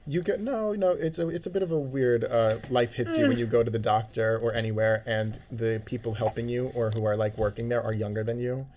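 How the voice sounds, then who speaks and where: A quick-talking man in a loose podcast chat, his voice sitting at an ordinary pitch. He tells stories with jokes and mimics the people in them. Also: slight background noise. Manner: fast, animated, jokey, acts out quotes. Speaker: podcast co-host. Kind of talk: casual comedic chat.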